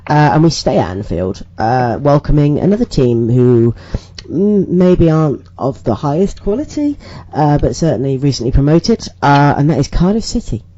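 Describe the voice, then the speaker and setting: A man co-hosting a podcast, chatting casually about football and summing up match events in a measured way. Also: fairly high pitch, big pitch swings, mellow. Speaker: podcast co-host. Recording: dull lo-fi audio with faint noise.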